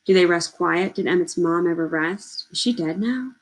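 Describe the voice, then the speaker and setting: A woman reads a novel aloud, measured and steady, in a lowish voice. Short lines land one after another in an even telling. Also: rough recording. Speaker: audiobook reader.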